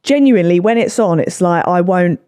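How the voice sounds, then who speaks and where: A woman from England with a British accent hosting a casual podcast chat, bubbly and quick to laugh. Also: lowish voice, animated, mellow, clear, resonant tone, no room sound, clean studio sound. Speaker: podcast host.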